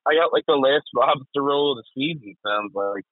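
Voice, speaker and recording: A man's voice: medium pitch, normal speed, no room sound. A young man co-hosting a podcast in loose, profane casual chat, laughing often. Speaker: podcast co-host. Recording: tinny phone-like, dry.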